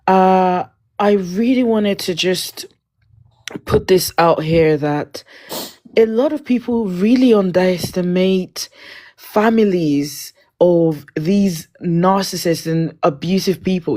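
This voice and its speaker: A woman counsels a caller on a livestream in a low-ish voice. She speaks slowly and deliberately, pressing hard on key words. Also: mellow. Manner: emphatic and preachy, rising on key words.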